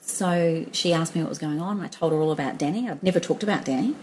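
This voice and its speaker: A woman's voice: low-pitched, fast talker, a little mellow, slight background noise, rough recording. A middle-aged woman telling her own story as a podcast guest, chatty and laughing, with many restarts and fillers. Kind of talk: storytelling in a conversational interview.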